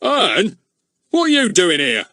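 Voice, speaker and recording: A man's voice: on the high side, big pitch swings, moderate pace, no room sound, studio quality, voice pushed up. Man doing a blustering, bad-tempered policeman. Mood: angry blustering. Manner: blustering, shouting. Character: burly red-faced village policeman, bad-tempered.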